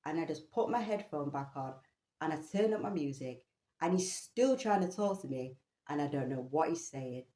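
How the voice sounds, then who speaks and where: Woman ranting thru a story, low voice, echoey room. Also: normal speed. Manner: animated, swears casually. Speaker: vlogger. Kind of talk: personal storytelling.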